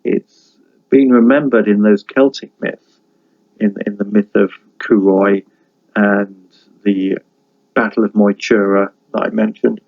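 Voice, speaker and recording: A man giving a university lecture, halting with many fillers and restarts, stopping now and then to read a folk tale aloud. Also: fairly low pitch, steady tone, gravelly, narrow, tinny audio. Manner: reads folk tale aloud between comments.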